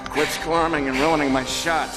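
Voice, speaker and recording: A man's voice: a little high, fairly even intonation, normal speed, lightly acted, poor audio. An actor playing a sadistic middle-aged hitman boss, delivering his lines with mocking menace, heard in a film clip. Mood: contemptuous. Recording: film soundtrack clip with score. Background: film score music.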